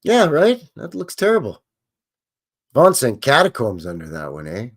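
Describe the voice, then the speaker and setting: A man's voice: medium pitch, wildly swooping pitch, normal speed. A man hosting a live show, chatting casually and joking as he reacts to what he is looking at. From Canada. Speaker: host. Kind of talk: casual live commentary on old photos.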